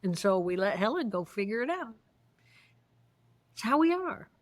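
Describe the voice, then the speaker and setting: A guest neuroanatomist with a voice on the high side and normal speed tells stories in an animated interview. She is playful and expressive, acting out the voices of the people in them.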